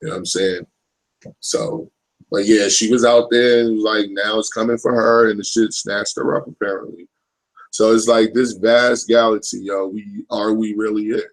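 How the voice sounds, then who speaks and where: Man in his thirties, live-stream host, gravelly voice, fairly low, rambling, profane, casual. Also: fairly even intonation, moderate pace, poor audio. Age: 30s. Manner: rambling, profane, keeps asking "you know what I'm saying". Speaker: livestream host.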